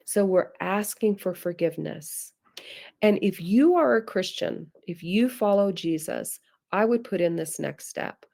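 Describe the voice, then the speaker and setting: A middle-aged woman giving an earnest, faith-based parenting talk, who calls her listeners "guys" and acts out gentle apologies a parent might say to a child. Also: medium pitch, animated, unhurried, gravelly. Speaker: parenting webinar presenter.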